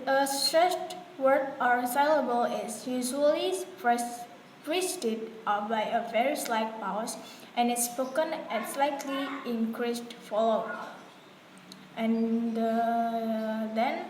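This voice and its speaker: In an echoey classroom with faint background noise, a woman presents from notes, using fillers and restarting now and then. Indonesian is her first language, and her voice is slightly high.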